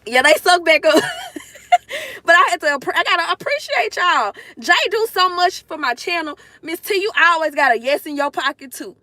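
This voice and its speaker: Gushing, bright-voiced woman streamer. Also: very high-pitched, lively intonation, moderate pace, no room sound. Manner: gushing, emotional, addresses chat directly. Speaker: livestreamer. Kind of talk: casual livestream chat to viewers. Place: in a parked car.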